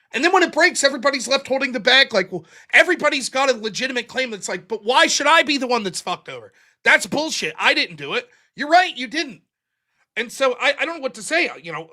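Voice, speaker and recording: Blunt and profane, this US call-in host in his forties performs quotes as he makes his case in a casual political monologue. His voice is high, pushed, and bright.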